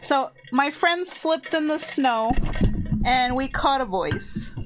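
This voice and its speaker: A woman talking to her live chat from a desk mic at home, rambling and excited as she shares ghost stories. Her voice sits a little high and she takes her time, drawing out her words. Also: slow, background noise. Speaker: streamer sharing ghost stories. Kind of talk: casual storytelling to a live chat. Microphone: desk mic with headphones on.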